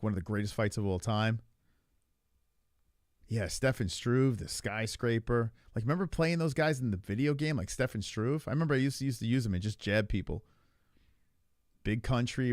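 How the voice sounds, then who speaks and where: A man co-hosting a casual podcast, talking in an animated, profane and rambling way. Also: medium pitch, dry recording, studio quality. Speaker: podcast co-host. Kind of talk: casual chat about fights.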